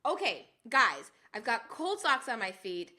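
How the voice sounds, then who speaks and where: A woman hosting a casual health live stream, animated and talking to her viewers while she exclaims and curses at the cold. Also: fairly high pitch, a little slow. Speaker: health show host.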